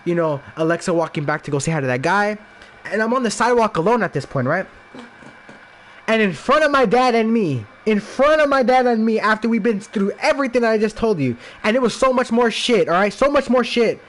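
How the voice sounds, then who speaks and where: A man's voice: high voice, lively intonation, fairly quick. A young man from the Los Angeles area, a podcast guest, telling a rambling, profane personal story in casual chat, full of "like" and restarts. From Los Angeles area, USA.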